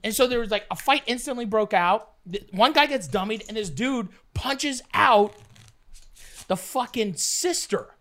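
A young man from Canada telling a rambling, profane story in casual chat, acting out scenes with loud bursts. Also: high voice, measured pace. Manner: rambling, profane, animated, acts out the scenes with shouts. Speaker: storyteller guest.

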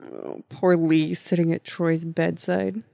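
A woman's voice: on the low side, flat delivery, slow pace, gravelly, dark tone, dry recording, studio quality. A woman in casual chat watching a show, reacting with groans and disgust.

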